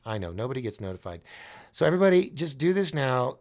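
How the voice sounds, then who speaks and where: A man hosts a live call-in show in a loose, rambling monologue. His voice has a gravelly edge, and he laughs at his own jokes. His pitch rises and falls in lively swings. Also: quick pace. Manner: rambling, jokey, laughs at himself. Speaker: host of a nightly call-in show.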